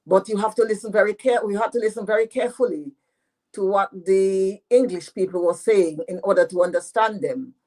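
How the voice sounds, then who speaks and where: A woman in her eighties with a Dominican French patois accent answers interview questions as an author guest, telling her own story slowly and filling it with "you know." Her voice is mid-range and a little mellow, and the audio is poor.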